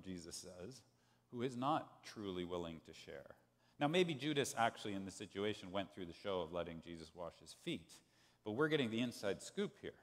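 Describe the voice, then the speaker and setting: A man preaching a sermon as pastor, telling a story in an animated way and acting out the quoted voices. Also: lowish voice. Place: church sanctuary. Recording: long church hall reverb.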